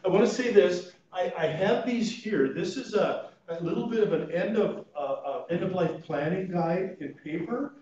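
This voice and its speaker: A man who is a chaplain and funeral planning consultant, telling stories to a class in an animated, informal way and laughing at his own stories. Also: high-pitched, normal speed, hardly any pauses. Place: church meeting room. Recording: echoey room, mic at a distance, dull sound.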